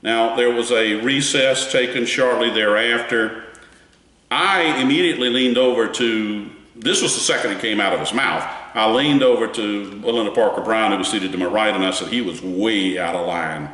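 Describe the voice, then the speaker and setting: A man with a Southern US accent giving a folksy, animated spoken recap of a court trial. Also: normal speed. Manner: animated, folksy storytelling with wide pitch swings. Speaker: courtroom commentator. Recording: echoey room with long reverb.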